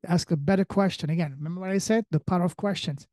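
A man hosting a podcast conversation, speaking in a halting, motivational way as he searches for words. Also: high-pitched, warm tone, no echo. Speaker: podcast host.

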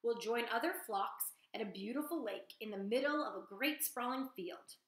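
A woman's voice: on the high side, expressive, moderate pace, a bit bright, echoey room. A woman voicing a friendly, welcoming female goose leader in a storybook reading.

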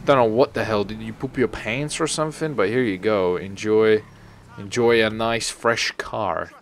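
A man's voice: mid-range voice, lively intonation, measured pace, fairly bright tone. A man giving comedic let's-play commentary as a gaming video host, joking crudely, swearing freely and chatting to the game's characters. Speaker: gaming YouTuber.

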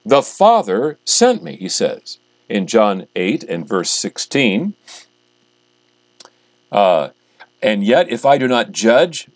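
A man, a pastor, reading scripture aloud and preaching in a measured, emphatic way, slowing down on key phrases. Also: on the low side, big pitch swings, no echo.

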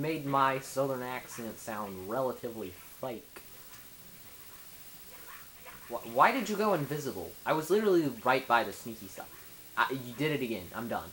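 A young man rambling goofily through a let's play, stammering and yelling at the game. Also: medium pitch, animated, measured pace, pauses often, a little hiss or hum, poor audio. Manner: goofy, rambling, stammers, yells at enemies. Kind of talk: casual gameplay commentary.

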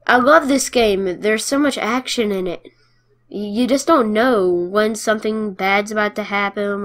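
Cheering her victories and mocking her opponents, a woman commentates on a game in a playful, excitable, casual way, her voice at a medium pitch.

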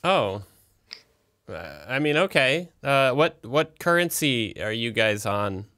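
A man's voice: mid-range voice, sing-song, takes it slowly, bright, forceful tone. A man playing a tabletop role-playing game, hesitant and polite, chuckling between lines. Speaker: player.

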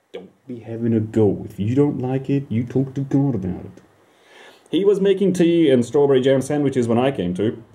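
A man's voice: medium pitch, warm tone. A man telling an absurd comic story about himself in the first person, rambling, swearing and talking back to his listeners.

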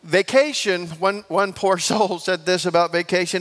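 High-voiced joking pastor. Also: male voice, normal speed, hardly any pauses. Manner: lively and joking, asks the congregation for responses. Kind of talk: sermon with jokes. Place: large church sanctuary. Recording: long church reverb.

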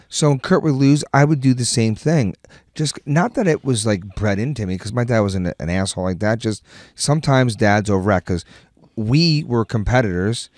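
A man talks with a podcast crew, his voice mid-pitched and recorded dry and close. He tells a profane story with a lot of energy and acts out the lines he quotes. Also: fairly quick, a little mellow, no echo. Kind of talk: casual chat.

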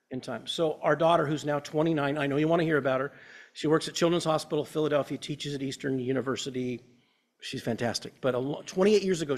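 Male pastor, fifties, preaching in a church with an earnest, chatty storytelling manner and a slightly higher voice. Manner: earnest, conversational, personal storytelling. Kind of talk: sermon.

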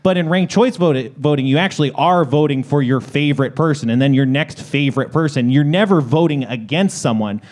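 A man co-hosting a podcast, calmly explaining a point in casual chat. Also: on the high side, fairly quick, few pauses. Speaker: podcast co-host.

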